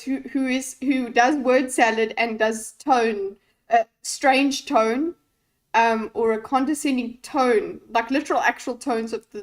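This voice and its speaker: A woman with a high-leaning voice streams live reactions to a debate, giddy and laughing through her words while swearing casually. The audio quality is poor.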